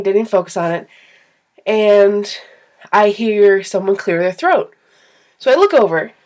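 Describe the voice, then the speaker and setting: A young woman vlogging to camera, telling rambling, self-deprecating stories about her own quirks in a casual, animated way. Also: mid-range voice.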